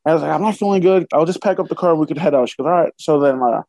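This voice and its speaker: A man telling a crude personal story in casual podcast chat, profane and animated, acting out the dialogue. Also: on the high side, very fast, gravelly, no echo.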